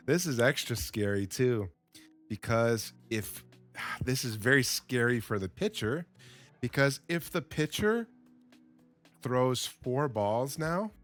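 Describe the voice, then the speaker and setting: Slow-talking man teaching simple English. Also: medium pitch. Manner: repeats words, reacts with excitement to the play. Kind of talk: slow, simple English lesson over game footage.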